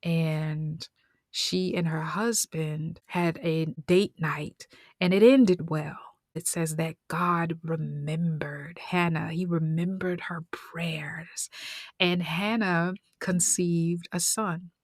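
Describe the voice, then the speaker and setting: Slow, low-voiced woman storyteller. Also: fairly even intonation, dry recording, studio quality. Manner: conversational, slangy, with whispered asides. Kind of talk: casual storytelling retelling.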